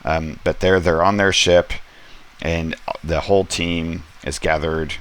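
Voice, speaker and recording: Very deep, slow, gravelly man. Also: steady tone, fairly bright tone, slight background noise. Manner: rambling, many ums, quoting characters lightly. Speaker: comics reviewer. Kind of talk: casual comic review, paging through an issue. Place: home studio space.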